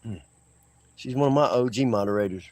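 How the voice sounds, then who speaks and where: A man's voice: medium pitch, a little fast, a little mellow, dry recording. A man hosting a live stream, chatting casually with viewers in a laid-back, rambling way and laughing often. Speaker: livestream host. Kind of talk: casual livestream chat with viewers.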